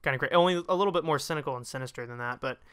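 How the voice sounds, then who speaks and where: Bright-voiced, clear man talking movies. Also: medium pitch. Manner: quick, enthusiastic, rattles off comparisons. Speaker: guest reviewer. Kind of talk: casual movie review chat.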